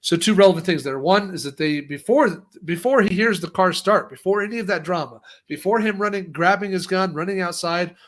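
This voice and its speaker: A man co-hosting a casual news breakdown, his voice sitting a bit higher than most. He tells the story in a lively, conversational way and often doubles back to restart a sentence. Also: a little fast, few pauses. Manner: lively, acts out quotes, frequent restarts. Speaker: co-host.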